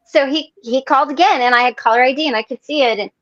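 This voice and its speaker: Woman telling a story on a video call, kinda high voice, acts out the quotes, muffled dry sound. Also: fast talker, no room sound. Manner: animated storyteller acting out quotes. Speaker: meeting participant. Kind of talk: casual storytelling.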